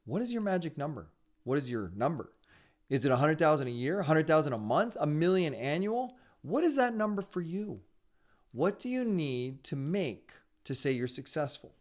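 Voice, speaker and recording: Upbeat fast-talking male webinar host. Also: fairly high pitch, sing-song. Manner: upbeat and encouraging. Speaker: webinar host and sales trainer. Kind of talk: live online training webinar. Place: his home area in Ontario.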